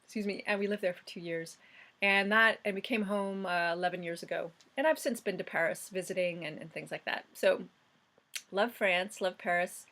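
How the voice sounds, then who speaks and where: A woman's voice: on the low side, brisk, a bit bright. Chatty woman in her forties. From United States. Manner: chatty and reminiscing, with fillers and restarts. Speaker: vlogger. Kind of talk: casual vlog monologue.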